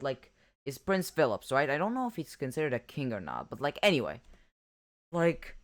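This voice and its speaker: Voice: mid-range voice, fairly bright tone. A reaction video host giving casual commentary, rambling with many fillers and corrections.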